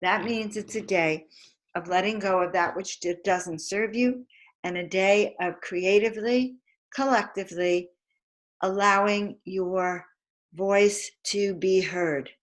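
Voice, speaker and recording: A woman's voice: medium pitch, takes it slowly, poor audio. A woman spiritual teacher giving a live motivational talk, chanting affirmations and calling out questions to her audience. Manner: emphatic, chanting affirmations, calls and responses. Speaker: spiritual teacher and card reader.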